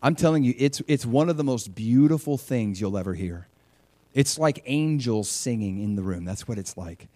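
A middle-aged male pastor preaching a sermon, lively and conversational, with frequent stammering restarts. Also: mid-range voice, moderate pace, dry recording. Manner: animated, stammering restarts, acts out voices in stories.

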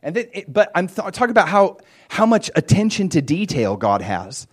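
A man preaching a sermon in an animated way, acting out quoted voices as he retells stories. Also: high-pitched, moderate pace, husky. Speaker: pastor.

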